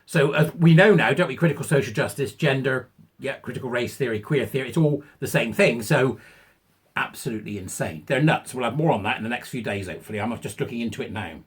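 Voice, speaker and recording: Husky, sneering English man. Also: mid-range voice, fast. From England. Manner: mocking, sarcastic, laughs at own jokes. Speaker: online commentator. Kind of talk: ranting commentary.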